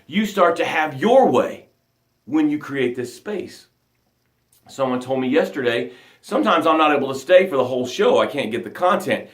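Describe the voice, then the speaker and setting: A man's voice: fairly high pitch, reverberant. A man hosting a live motivational broadcast as a coach, talking emphatically and reading out viewer comments. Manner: energetic, emphatic, reads viewer comments aloud.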